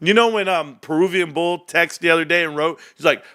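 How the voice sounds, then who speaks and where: A man's voice: fairly quick, few pauses, sharp tone, clear, resonant tone. A man streaming a casual rant about stocks, trash-talking with bursts of laughter and mock voices. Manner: brash trash-talking, swings between hyped and low muttering.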